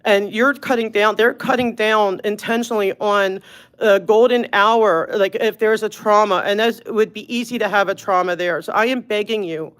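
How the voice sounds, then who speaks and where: A woman's voice: mid-range voice, fairly even intonation, normal speed. A woman from Los Angeles giving an earnest public comment at a city meeting, choked up and pleading with the commissioners.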